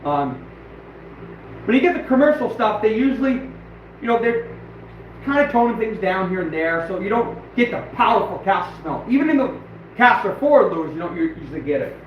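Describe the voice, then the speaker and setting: A man's voice: high-pitched, very animated, a little fast. A man hosting a live stream, chatting casually in a loose, rambling way full of fillers. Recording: echoey room, picked up from a distance, slightly dull with faint noise.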